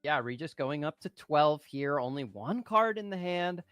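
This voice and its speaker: A man casting a live trading card game match, breaking down plays in a measured, analytical way with the odd pun. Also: a little high, expressive, a bit bright, smooth, no echo, faint music behind. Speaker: caster.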